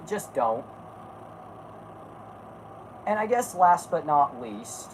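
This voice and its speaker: A woman with a rumbling low voice hosts a casual podcast chat, speaking bluntly, rambling, correcting herself midstream, and swearing freely. The recording is rough, with a faint hiss or hum.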